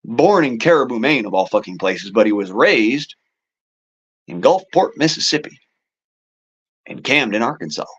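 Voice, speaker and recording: A man's voice: mid-range voice, big pitch swings, moderate pace, long pauses, fairly bright tone, husky, muffled recording. A man hosting a casual political monologue, talking in a rambling, profane way with folksy turns of phrase. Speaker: show host.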